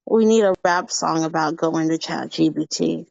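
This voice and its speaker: A woman chatting and joking casually on a group call. Her voice is very low for a woman. The sound is dry and dull, like lo-fi call audio. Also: moderate pace, vocal fry, darkish tone, no room sound.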